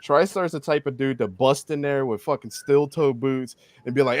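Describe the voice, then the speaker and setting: A man's voice: medium pitch, moderate pace, no room sound, clean studio sound. A man guesting on a stream, talking in casual, profane chat in a rambling, emphatic way. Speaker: guest podcaster.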